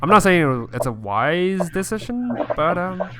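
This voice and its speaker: A man's voice: high voice, measured pace, over music. A man playing a tabletop game, talking in hesitant, filler-heavy bursts. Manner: hesitant, many fillers, animated. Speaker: player. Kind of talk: tabletop role-play chat.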